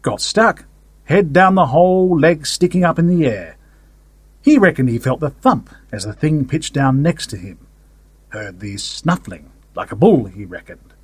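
A man's voice: a little high, expressive, unhurried, breathy edge, no echo. A man reading a story aloud in a wry, conversational first-person manner. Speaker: story narrator. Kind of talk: audiobook fiction reading.

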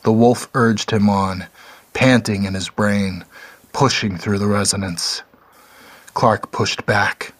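Slow, husky-voiced male story narrator. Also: fairly low pitch, fairly even intonation.

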